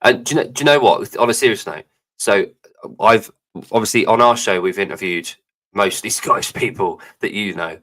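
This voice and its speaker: A man's voice: fairly low pitch, moderate pace, pushed and bright. A man co-hosting a live podcast, rambling, jokey and swearing freely in casual chat. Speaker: podcast co-host.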